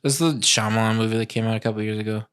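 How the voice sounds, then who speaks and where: A man co-hosting a podcast in casual chat, laid-back and quick to laugh. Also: on the low side, fairly even intonation, fairly bright tone, clean tone. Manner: laid-back, laughs often, puts on mock Italian accents. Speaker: podcast co-host.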